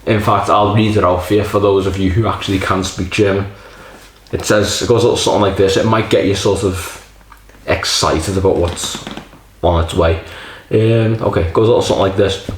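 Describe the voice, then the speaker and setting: A man's voice: low-pitched, steady tone, a little fast. Joking man in an echoey room. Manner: self-deprecating, jokey, rambling. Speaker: beer reviewer. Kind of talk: casual rambling review.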